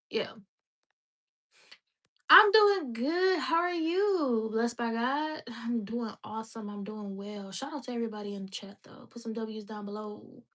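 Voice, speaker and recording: A woman in her twenties chatting casually and rambling on a livestream, laughing often. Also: medium pitch. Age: 20s.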